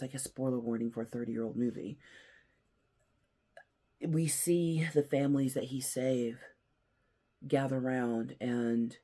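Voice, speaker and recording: A man with a gravelly, husky voice talks through a story in a casual commentary. He leans hard on some lines and drops to a hush on others. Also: medium pitch. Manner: earnest storyteller, swings between loud emphasis and hushed near-whispers. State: emotional, near tears. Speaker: host.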